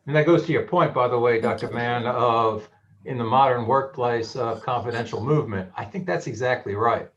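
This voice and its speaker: A man chairing a public board meeting, speaking in a measured, conversational way. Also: medium pitch. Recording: dull audio with faint noise.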